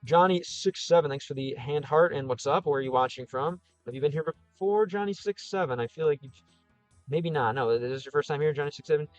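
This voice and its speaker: A man's voice: a little high, fairly quick, dull audio, soft background music. A man casually chatting on a livestream as he answers viewer comments, thinking aloud with frequent restarts. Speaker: streamer answering live chat.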